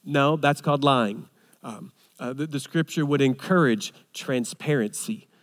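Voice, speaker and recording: A man's voice: medium pitch, unhurried, big-room sound. A man preaching a sermon as pastor, in an earnest, repetitive cadence of lists and restarts.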